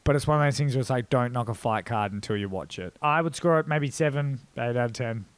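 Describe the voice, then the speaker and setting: A man's voice: medium pitch, fast talker, clean tone, dry recording. An Australian man hosting a casual MMA reaction video, rambling with lots of fillers and poking fun at himself. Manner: rambling, filler-heavy, self-deprecating.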